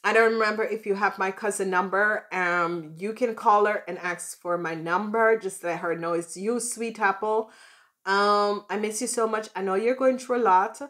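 A chatty woman gives a loose, casual tarot reading, playful and rambling. She calls her viewers by pet names and keeps her pitch in an ordinary middle range. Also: steady tone, normal speed, a bit bright. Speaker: tarot reader.

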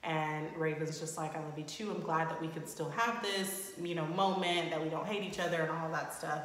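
A young woman recapping a reality show at home in a chatty way, breaking into loud shocked indignation. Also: deep voice, steady tone, fairly quick. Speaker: recap host. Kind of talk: casual recap commentary. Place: home room. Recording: roomy echo with long reverb.

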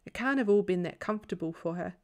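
A woman reading a novel aloud as a bedtime story in a calm, even storytelling voice. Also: mid-range voice, fast. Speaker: audiobook reader.

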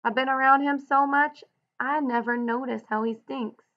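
A woman reading the part of a worried, soft-spoken old ranch man, on a dull lo-fi recording. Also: high voice, steady tone, normal speed, pitched above the performer's own voice. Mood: pleading.

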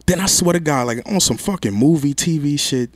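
High, lively young man telling a wild story. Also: a little fast. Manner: loud, laughing, swings between low mutter and high exclaims. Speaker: rapper guest. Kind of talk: animated storytelling in casual interview.

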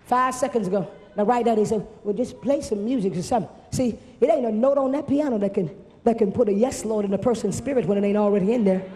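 A woman's medium-pitched voice with a dark tone moves at a quick pace as she preaches a fervent sermon in a repeating cadence. It was captured live at a camp meeting inside a large, reverberant church, with faint noise in the background.

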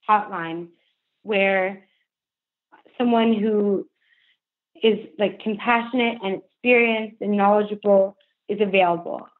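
Young woman guest, candid and heartfelt, mid-range voice over a thin phone line. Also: medium pitch. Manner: earnest, heartfelt, frequent "like" fillers. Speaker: podcast guest, author. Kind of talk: candid interview conversation. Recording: phone-line remote call.

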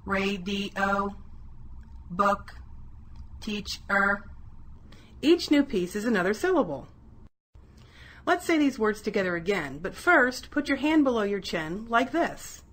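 A woman giving scripted educational narration for children, clear and encouraging, sounding out words in pieces. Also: a little high, sing-song, moderate pace. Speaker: instructional narrator.

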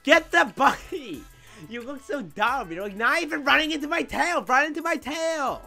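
A man hosting an excitable gameplay commentary, loud and frustrated, often yelling. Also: very high-pitched, moderate pace, creaky, faint music behind. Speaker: gameplay video host.

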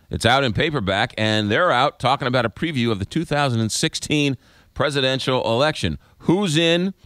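A man's voice: lowish voice, no echo, clean studio sound. A man hosting a talk radio show, telling stories in a casual, conversational monologue. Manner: animated storytelling, acts out voices in quotes; conversational, frequent fillers and restarts. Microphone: studio microphone.

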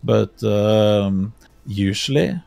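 A man from Norway with a Norwegian accent, chatting casually on a call, speaking English as a second language and often pausing to find his words. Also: fairly low pitch, animated, creaky, dark tone, soft background music. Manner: hesitant, searching for words, plain-spoken. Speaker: guest streamer.

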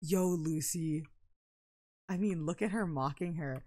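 A young woman commenting casually on her life-simulation game, playful and giggly, with sudden loud bursts of excitement. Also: deep voice, moderate pace, no room sound. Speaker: gameplay commentator. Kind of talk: casual let's-play commentary.

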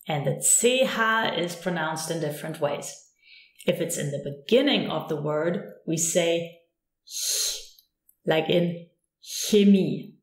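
A woman teaches a recorded lesson at a slow, unhurried pace. She explains patiently, stopping to say each example word and then repeat it. Her slightly low voice rings in a roomy, echoey space. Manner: calm, patient explanation that stops often to say example words slowly and repeat them. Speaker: language teacher.

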